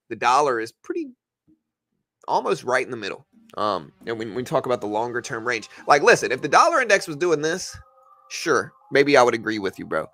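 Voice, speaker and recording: A man on a casual livestream argues with viewers in a bright, forceful voice. His pitch swings all over as he talks back to them, stumbling and repeating himself. Faint music plays underneath. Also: dry recording. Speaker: livestream host. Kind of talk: casual livestream market commentary answering chat.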